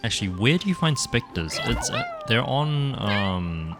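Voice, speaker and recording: A young man with a slightly hoarse, croaky voice, casually commenting on his gameplay with rambling asides and playful swearing. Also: medium pitch, big pitch swings, unhurried, over loud music. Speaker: gaming YouTuber.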